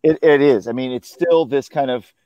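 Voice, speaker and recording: A man, a film critic, chatting casually about a film he saw, often pausing and restarting his sentences. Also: mid-range voice, warm tone, dry recording, dull audio. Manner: hesitant, full of restarts and "you know". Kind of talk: casual film review chat.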